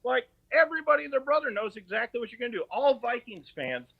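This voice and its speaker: Guy ranting on a sports podcast, all over the place pitch-wise, kinda muffled audio. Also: fast, creaky. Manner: animated, mocking, does exaggerated voices. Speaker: podcast host.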